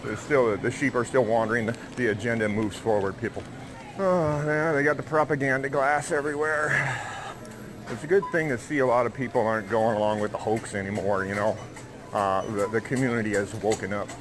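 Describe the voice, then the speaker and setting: A man's voice: mid-range voice, steady tone, brisk. A man ranting and taunting people while livestreaming on his phone. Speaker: street livestreamer. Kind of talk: livestream rant while walking in a store.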